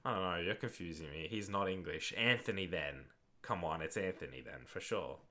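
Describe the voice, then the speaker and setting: A young Australian man hosts a late-night football watch-along livestream, chatting casually and sounding tired. With a deep, sharp voice at moderate pace, he rambles through viewer questions and swears now and then.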